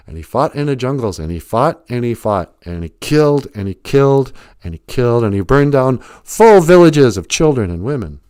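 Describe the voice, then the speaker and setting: A man's voice: medium pitch, very animated, normal speed, a little mellow, smooth, no room sound, studio quality. A man hosting a livestream, rambling through an improvised comic story. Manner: rambling, laughs at himself, reads chat comments. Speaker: comedic storyteller host. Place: home livestream.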